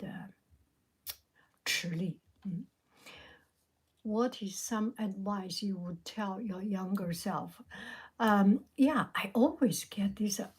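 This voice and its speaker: A middle-aged woman with a Chinese accent talks in a soft, breathy whisper. She speaks very slowly and reflectively while answering a live chat. She is outdoors in a park. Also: mid-range voice. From China. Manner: soft, slow, reflective, answers viewer questions. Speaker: livestream host answering chat.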